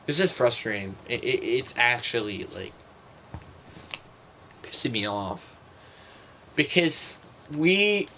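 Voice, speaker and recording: Slow-talking, exasperated young man ranting. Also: mid-range voice, sharp tone. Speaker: streamer. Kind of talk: casual gameplay commentary.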